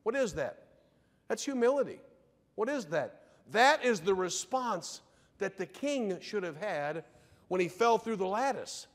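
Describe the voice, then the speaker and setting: A man pastor preaching a sermon, firing rhetorical questions and swinging between loud declarations and hushed asides. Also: high voice, big pitch swings, measured pace. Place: church sanctuary. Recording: long church reverb.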